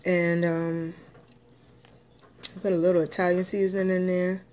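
A woman talks through her meal in a slow, unhurried drawl, her voice sitting a little low. She rambles in a friendly, chatty way with plenty of ums. Cutlery and dishes clink softly behind her. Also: level tone, slight background noise. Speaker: food vlogger. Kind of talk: casual mukbang eating chat.

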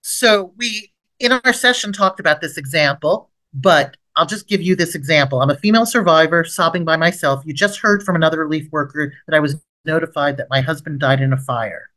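A middle-aged woman giving an instructional training lecture on first aid for the mind, acting out short gentle approach lines in between. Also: low voice, a little fast. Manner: lively, rises sharply when acting out gentle approach lines. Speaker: trauma expert leading a training webinar. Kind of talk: instructional lecture with role-played examples.

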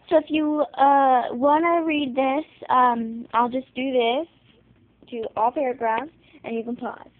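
High-voiced woman reading aloud haltingly. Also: fairly even intonation. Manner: halting reading with frequent restarts and apologies. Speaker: book reader. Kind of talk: reading a picture book aloud on camera. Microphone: handheld phone or camera. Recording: thin phone-like dry sound.

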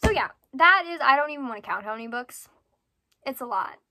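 A young woman talking casually to camera about books she plans to read, chatty and rambling, with many fillers and self-corrections, sometimes dropping into a soft whisper. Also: high-pitched, expressive, brisk, a little hiss or hum. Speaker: book vlogger. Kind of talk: casual book talk to camera.

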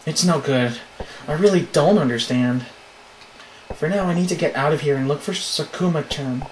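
A man reading the lines of a worried young woman searching for her missing friend, in rushed, flustered questions. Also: a little high, slight background noise, close to an everyday voice. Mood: puzzled. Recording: roomy echo.

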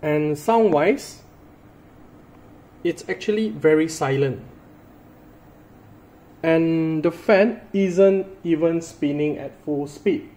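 Male tech vlogger, relaxed chatty narration, slightly high pitch. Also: takes it slowly, long pauses. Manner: chatty, often starts with "so", hedges with "I assume". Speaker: tech reviewer. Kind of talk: casual product showcase narration.

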